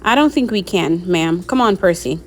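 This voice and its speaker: A woman's voice: fairly low pitch, animated, moderate pace, slight background noise, natural voice. A woman reading aloud, voicing a bossy young girl who speaks urgently and insistently.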